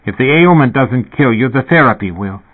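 A man's voice: medium pitch, lively intonation, normal speed, slightly rough, pitched above the performer's own voice. A man reading the inner thoughts of a sickly pregnant woman in a sardonic, wry monologue. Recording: narrow, phone-like sound.

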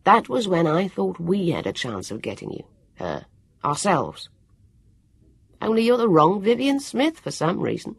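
A woman reading aloud, voicing a clever boy who explains his plans in a brisk, lordly way. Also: on the low side, very animated, gravelly, husky, dry recording, voice pushed up, exaggerated voice.

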